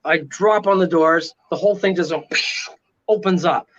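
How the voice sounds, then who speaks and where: Excitable man telling a dramatic story. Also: sits high, moderate pace, dull audio. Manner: excitable, dramatic retelling with frequent "right?". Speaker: paranormal investigator guest. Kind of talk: animated storytelling in casual interview.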